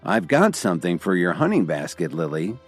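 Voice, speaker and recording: A man voicing a weary, gently wry young man. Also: low voice, brisk, breathy edge, soft background music, full character voice. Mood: gentle. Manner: calm, gently teasing.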